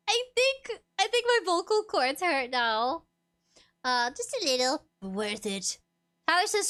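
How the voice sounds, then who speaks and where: A woman's voice: high-pitched, lively intonation, normal speed, bright, forceful tone. A young woman streaming a game, chatting casually and giggling as she reads chat aloud.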